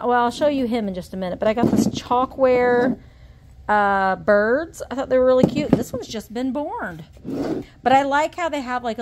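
A woman's voice: on the high side, noisy background. A woman who runs an antique shop, chatting casually as she shows her thrift finds in a vlog, gushing over cute items and tossing in playful asides. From Indiana. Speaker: antique shop owner and reseller vlogger. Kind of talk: casual show-and-tell vlog.

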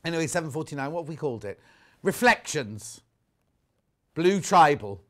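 Lively chatty English man presenter. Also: a little high, normal speed. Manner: chatty, animated, reads viewer messages aloud. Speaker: shopping channel presenter. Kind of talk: live sales chat. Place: TV studio.

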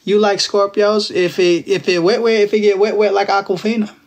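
Young guy from Texas, high pitched, playful slangy livestream banter, talking into his phone. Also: level tone, brisk. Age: 20s. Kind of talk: casual live-stream chat with viewers.

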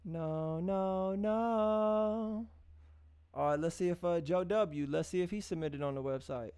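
A man with a high-pitched voice hosts a live music review stream, chatting casually with his audience. He talks in a loose, encouraging way, full of slang, restarts and hummed pauses. The sound is dry and close. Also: darkish tone, smooth, no echo. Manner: loose, repetitive, restarts and drawn-out hums; encouraging, street-casual address to viewers. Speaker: livestream music review host.

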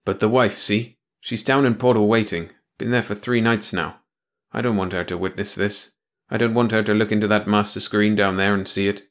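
Man voicing condemned prisoner, thin tough guy, slangy, pleading, low voice, audiobook. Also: fairly even intonation, moderate pace, close to an everyday voice. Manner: rough slangy street talk, pleading.

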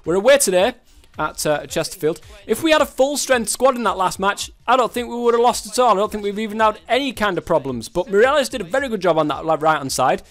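A young man with a high-pitched voice talks over his football game. He rants and swears at the game in a casual, frustrated way. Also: expressive, fast talker, a bit bright. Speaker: gaming YouTuber.

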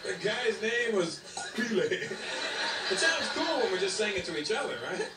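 A man doing stand-up, telling a story in an animated, drawn-out way with sudden loud bursts, heard as distant, echoey, noisy playback. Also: sits high. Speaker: stand-up comedian.

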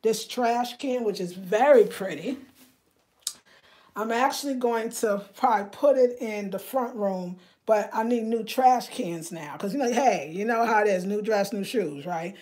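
A woman's voice: mid-range voice, unhurried, darkish tone. A middle-aged woman, chatting casually on a home decor livestream and greeting viewers by name. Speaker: home decor vlogger hosting a live chat. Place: home living room.

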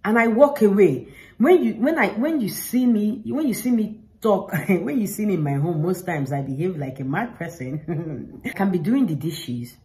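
A woman's voice: mid-range voice, lively intonation, moderate pace, darkish tone, rough recording. A woman talking straight to the camera, giving earnest, informal faith advice and repeating herself for emphasis. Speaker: faith vlogger.

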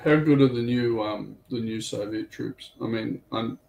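A man co-hosting a casual livestream chat, relaxed, agreeable and rambling. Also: medium pitch, unhurried, vocal fry. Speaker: livestream co-host. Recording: echoey room with faint noise.

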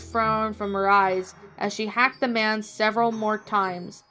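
A woman's voice: medium pitch, fairly even intonation, moderate pace, hardly any pauses, bright, forceful tone. A woman reading fan fiction aloud in a plain narrating voice, with small slips. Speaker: story reader. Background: faint music.

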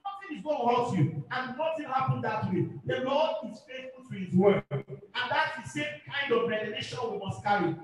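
A male pastor preaches fervently in a very high voice, repeating himself and calling for amens. He sounds far from the microphone in a big, booming, echoey hall. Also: lively intonation, normal speed, slight background noise. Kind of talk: sermon.

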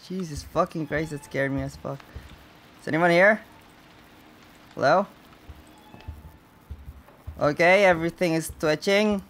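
A young man commentating his way through a horror game with a slightly high voice. He talks slowly and jumpily to himself, swears nonstop, and yelps when something scares him. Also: fairly bright tone. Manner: jumpy, swears constantly, nervous self-talk. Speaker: gaming channel host.

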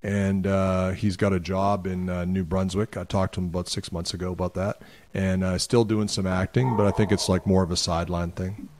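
Brief: lower-pitched male guest, animated storyteller, plays out the other voices in his stories. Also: brisk. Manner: animated, acts out other people's lines. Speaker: podcast guest. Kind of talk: casual storytelling.

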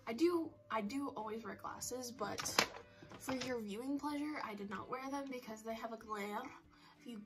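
A woman's voice: a little high, normal speed, heavy background noise. A teenage girl chatting to camera on a phone for her vlog, rambling and poking fun at herself. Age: teens. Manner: rambling, self-mocking, chatty. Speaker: vlogger. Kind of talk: casual chat to camera.

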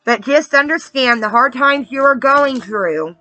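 A woman with a bright, forceful voice delivers a spiritual message like a casual sermon. She speaks earnestly and confidingly and keeps checking in with her listeners. The recording is dry and close, with no room sound. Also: high voice, animated, a little slow, dry recording, highs cut off. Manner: earnest, keeps checking in with "all right?" and "okay?"; confiding and testimonial. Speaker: spiritual card reader. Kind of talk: casual preaching to viewers.

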